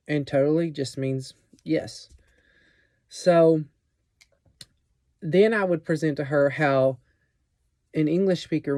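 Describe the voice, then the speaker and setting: Mellow-voiced young man explaining a lesson plan. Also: fairly high pitch, gravelly, no echo, studio quality. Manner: casual, explanatory, many fillers and restarts. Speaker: student presenting a teaching plan. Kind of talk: recorded class presentation.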